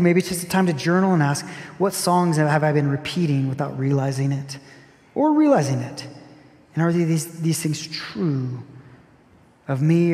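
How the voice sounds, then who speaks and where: A man preaching a sermon as a pastor, earnest and reflective, repeating key phrases with gentle emphasis. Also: a little high. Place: church sanctuary. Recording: long hall reverb with soft music behind.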